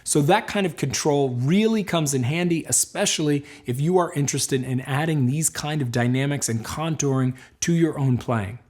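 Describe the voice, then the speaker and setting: A man teaching a banjo lesson, explaining and encouraging in a calm, clear way. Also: fairly high pitch, normal speed, hardly any pauses. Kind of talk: instructional lesson.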